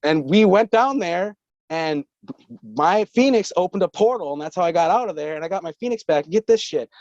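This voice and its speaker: A man's voice: high-pitched, animated, fairly quick, darkish tone, dry recording. Brief: male guest, rambling casual storyteller, curses freely, dry and dull remote audio. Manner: rambling, profane, laughing often. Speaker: podcast guest.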